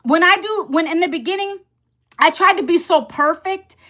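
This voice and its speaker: A woman in her fifties talking casually to camera as an online business coach, chatty, repeating herself and calling viewers "guys". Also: normal speed. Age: 50s. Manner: lively, pitch jumps up and drops low.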